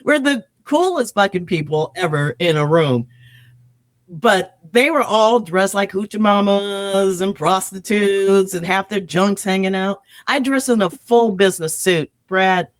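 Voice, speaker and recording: A woman comedian spins lively anecdotes as a podcast guest, slipping into the voices of the people she quotes and swearing freely. Her voice sits at an ordinary middle pitch. The sound is dry and close, with no room around it. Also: measured pace, dry recording. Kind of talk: casual chat.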